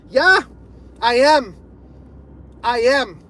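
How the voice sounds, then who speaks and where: A man ranting to camera in fury, swearing heavily, repeating his points and bursting into shouts. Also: very high voice, slow pace, long pauses, poor audio. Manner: furious, profane, repeating himself, bursts of shouting. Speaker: video creator. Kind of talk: angry rant to camera.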